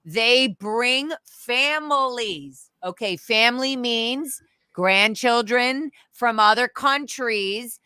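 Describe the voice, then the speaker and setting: A woman's voice: on the high side, takes it slowly, clean tone, no echo, clean studio sound. A woman guest telling candid stories in conversation, swearing freely and acting out other people's voices. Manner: animated, profane, acts out quoted voices.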